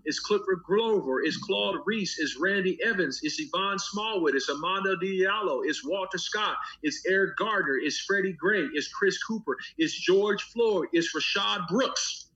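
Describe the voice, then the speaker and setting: A man's voice: high-pitched, normal speed, hardly any pauses, sharp tone, lo-fi sound. A man, a pastor speaking as an interview guest, talking with a preacher's rhythmic cadence, repeating phrases and building long lists. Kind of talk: impassioned interview talk.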